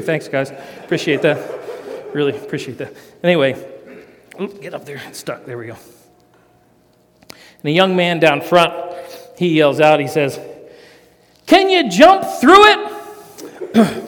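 A middle-aged man tells a folksy story from the stage of a big hall, and his long echo carries across the room. His voice sits a bit high for a man, and he pokes fun at himself as he goes. It comes across as a storytelling sermon for a live audience. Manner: folksy, self-mocking, animated storyteller. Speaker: speaker doing rope tricks for a church audience.

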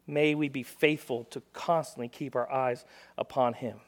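A male guest preacher giving a sermon, retelling scripture in a lively storytelling way, acting out the characters' lines with sudden loud bursts and dropping to quiet, joking asides. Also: medium pitch, normal speed. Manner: drops to quiet asides and jokes.

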